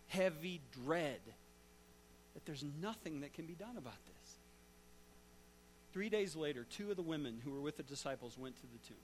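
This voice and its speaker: A man preaching a sermon as a dramatic story, swinging from loud to hushed and asking the listeners direct questions. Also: high voice, slight background noise. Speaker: pastor.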